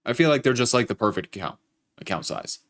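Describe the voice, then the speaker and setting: A man's voice: medium pitch, big pitch swings, fast, fairly bright tone. A young man hosting a live trading stream, casually talking chat through his trades with some profanity. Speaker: livestream trading host.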